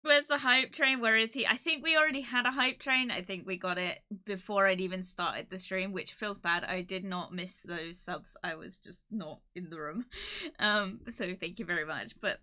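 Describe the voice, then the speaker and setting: A woman's voice: mid-range voice, steady tone, moderate pace, bright, forceful tone. A young woman streaming live, chatting casually and emotionally, laughing and close to tears as she thanks her viewers.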